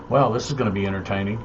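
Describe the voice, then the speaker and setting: A man hosting a live-stream show in a rambling, halting, easygoing way. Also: lowish voice, highs cut off, slight background noise. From North Carolina, USA. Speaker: show host. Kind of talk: casual live-stream chat. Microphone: desk microphone on a live stream.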